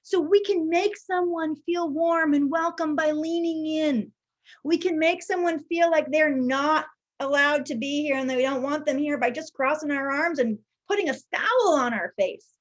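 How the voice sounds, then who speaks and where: A woman giving a live workshop talk over a video call, teaching in a lively way and often checking in with "right?". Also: sits high. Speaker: workshop presenter. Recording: muffled video-call audio.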